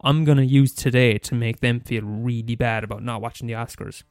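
A man's voice: medium pitch, steady tone, fairly quick, darkish tone, clear, resonant tone, no room sound, clean studio sound. A man from Limerick with a Limerick Irish accent, ranting in a comedic monologue, profane and exasperated, often restarting and repeating himself. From Limerick, Ireland.

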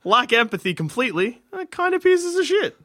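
A man's voice: very high-pitched, very animated, a little fast, pushed and bright, no echo, studio quality. A young man co-hosting a podcast, teasing his friends bluntly in casual banter. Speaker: podcast co-host.

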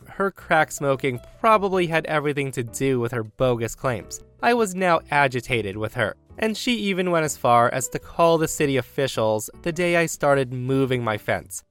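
Smooth-voiced man narrating a revenge story. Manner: storytelling with emphatic swings in pitch and loudness. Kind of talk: reading a first-person revenge story.

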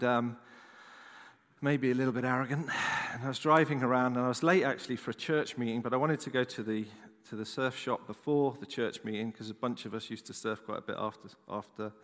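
A man preaching a sermon at an ordinary mid pitch, telling a personal story in a frank, chatty way. He drops quick asides to the congregation. His voice rings through a large hall with a long reverb. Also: fairly even intonation, a bit bright. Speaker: pastor.

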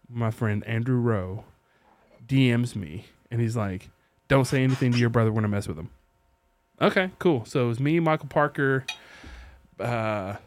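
A man's voice: medium pitch, slight background noise. A man co-hosting a podcast, telling a story with lots of laughter and acted-out dialogue. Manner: animated, laughing, acts out dialogue. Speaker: podcast co-host. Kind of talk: casual storytelling.

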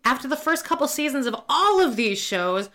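A woman's voice: sits high, sing-song, brisk, fairly bright tone. A woman co-hosting a casual podcast, chatty and loose, swearing casually and trailing off with fillers. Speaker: podcast co-host. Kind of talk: casual chat.

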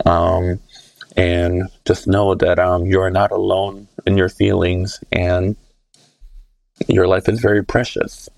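A man co-hosting a podcast in casual chat, easygoing and unhurried with many fillers. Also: deep voice, flat delivery, gravelly, a little mellow, dry recording. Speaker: podcast co-host.

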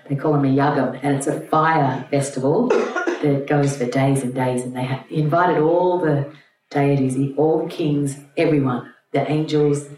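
A woman's voice: sits low, a little mellow. A woman teacher retelling a myth to a group in a chatty, irreverent storytelling way. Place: room with an audience. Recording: roomy, distant mic, faint hum.

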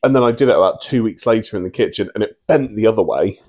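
A man's voice: on the low side, lively intonation, quick pace, darkish tone. A man co-hosting a podcast in casual chat, rambling openly about his own mishaps. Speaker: podcast co-host.

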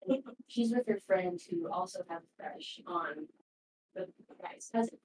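A woman chatting casually before a live stream, retelling a show in a rambling, animated way with lots of fillers. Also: fairly low pitch, measured pace. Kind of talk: casual chat. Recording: roomy, distant mic with background noise.

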